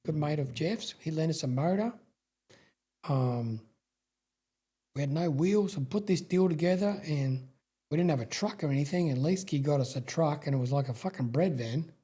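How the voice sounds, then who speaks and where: Husky, dark-voiced Australian man. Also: a little high, normal speed. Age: middle-aged. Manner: rambling, swears freely, frequent restarts. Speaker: guest, sprintcar racing veteran. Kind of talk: casual storytelling interview.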